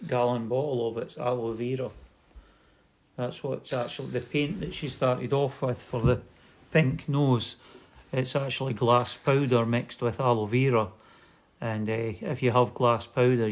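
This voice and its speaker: A man's voice: medium pitch, fairly even intonation, a little slow. A man with a British accent, chatting in a dry, matter-of-fact way and reading out viewer comments while co-hosting a live crafting stream. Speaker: co-host of a live glassmaking stream. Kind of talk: casual chat.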